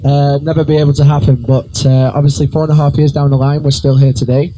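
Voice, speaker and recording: A man giving his speech as the groom at his wedding, sincere and halting, with frequent uhs. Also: fairly high pitch, little pitch movement, mellow, poor audio. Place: wedding reception room.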